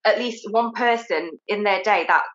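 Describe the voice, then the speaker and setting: A woman's voice: mid-range voice, moderate pace, echoey room, highs cut off. A British woman, guest on a podcast, cheerful and giggly in casual interview chat, with many fillers. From United Kingdom.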